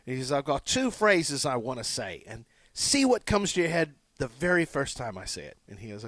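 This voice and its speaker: A man's voice: medium pitch, huge pitch swings, moderate pace, a bit bright, dry recording. A man co-hosting sports talk radio, telling rambling stories and acting out quotes. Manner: rambling anecdotes with acted-out quotes. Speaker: radio co-host. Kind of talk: sports radio banter, storytelling.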